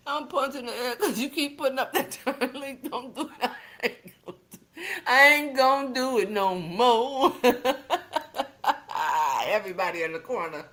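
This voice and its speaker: A woman's voice: sits high, moderate pace, pauses often, a bit bright. A woman hosting a casual livestream, reading viewer comments in a playful, teasing way and laughing often. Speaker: livestream host.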